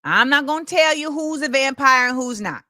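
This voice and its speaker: Lively, bright-voiced woman host. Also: high voice, normal speed, no echo, clean studio sound. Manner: emphatic, repeats key phrases for weight; opinionated and impassioned. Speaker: show host. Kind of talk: film commentary monologue.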